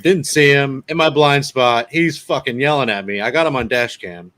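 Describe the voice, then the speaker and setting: A man's voice: medium pitch, normal speed, a bit bright. A man in casual conversation telling a story bluntly, swearing often.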